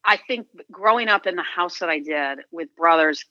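A woman's voice: lowish voice, animated, normal speed, sharp tone, no room sound, muffled recording. A middle-aged woman guest, a sports agent, talking earnestly and reflectively in an interview, often restarting her sentences. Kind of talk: conversational interview.

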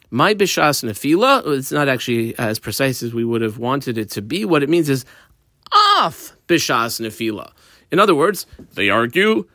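Male Talmud teacher, casual daily-page lesson, animated pitch, dry close mic. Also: no room sound. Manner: explains text line by line, mixing Aramaic terms, casual asides. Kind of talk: daf study lesson.

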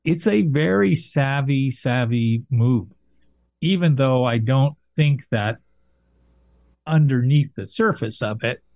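A man giving casual political commentary as an analyst, speaking in a measured, thoughtful way with frequent fillers. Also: mid-range voice, creaky, a little mellow, no echo.

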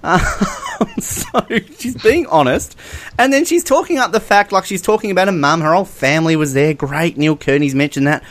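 A man co-hosting a casual comedic podcast, animated and prone to laughing. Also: on the high side, moderate pace. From Australia. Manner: animated and giggly, often breaks into laughter. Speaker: podcast co-host.

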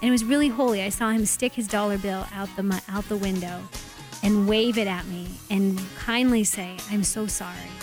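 A woman guest sharing a personal faith testimony in a lively, expressive storytelling manner. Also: mid-range voice, a little fast, soft background music. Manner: animated, acts out quotes.

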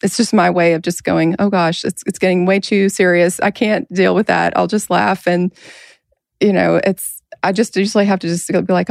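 A woman's voice: fairly low pitch, little pitch movement, quick pace, vocal fry, no echo, clean studio sound. A woman hosting a casual podcast, talking earnestly and laughing often. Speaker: podcast host.

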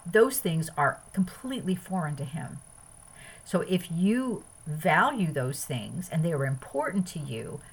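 Husky, low-voiced woman podcast host. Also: lively intonation, moderate pace, poor audio. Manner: earnest, repetitive lists of phrases. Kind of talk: spiritual self-help talk.

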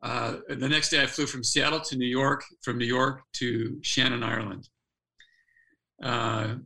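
Earnest older man with a bright, forceful voice. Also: medium pitch, flat delivery, a little slow, vocal fry, poor audio. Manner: earnest, restarts phrases, builds the story step by step. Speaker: guest, former quarterback turned leadership speaker. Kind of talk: earnest personal storytelling in a conversation.

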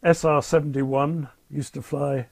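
A man's voice: a little high, little pitch movement, a little slow, gravelly, dry recording. An older man, a retired airline captain telling wry, understated stories in an interview. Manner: wry, understated, dryly amused. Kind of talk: anecdotal interview storytelling.

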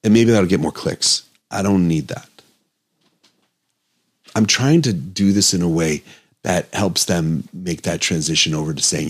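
Deep husky man, earnest doctor monologue. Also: a little slow. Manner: earnest, emotional, pleading. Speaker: doctor hosting a health podcast. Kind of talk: impassioned podcast monologue.

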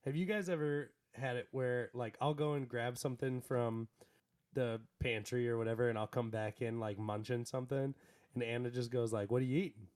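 A man's voice: medium pitch, fairly even intonation, normal speed, darkish tone, clear, resonant tone. A young man with an ordinary mid-range voice rambles through a story in a casual podcast chat. He fills his speech with "like" and laughs along the way. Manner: rambling, laughing, heavy use of "like". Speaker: podcast co-host.

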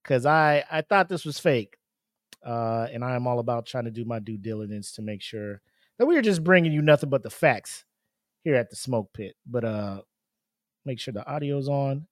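Man, solo podcast host, loose and profane, middle pitch, dry close sound. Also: lively intonation, normal speed, dry recording. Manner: profane, laughs often, rambling with fillers. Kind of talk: casual solo podcast commentary.

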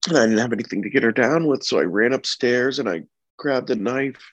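A man telling the story of his wife's death and caring for their baby, speaking in an earnest, halting, somber way. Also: mid-range voice, no room sound. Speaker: bereaved husband and father telling his story. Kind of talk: personal testimony. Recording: dull, dry lo-fi recording.

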